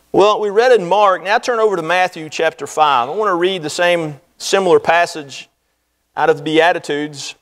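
High-voiced man preaching a sermon. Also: moderate pace, a bit bright. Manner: earnest preaching with swelling emphasis. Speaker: pastor. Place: church sanctuary.

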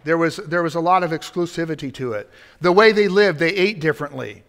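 A brisk pastor with a slightly high, fairly bright voice preaches in a church sanctuary. He drives toward emphatic points while tossing asides to the congregation.

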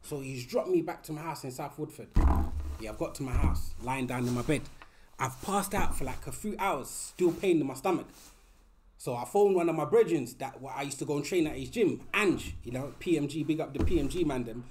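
A man in his thirties with an East London accent, a podcast guest telling a story in animated, slangy casual talk. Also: on the high side, fairly quick, a little hiss or hum.

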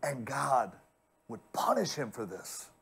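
A male pastor preaching a sermon, turning often to speak straight at the congregation and swinging from loud, stretched-out lines to hushed ones. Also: medium pitch, sing-song, slow, creaky, breathy edge. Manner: addresses the congregation directly.

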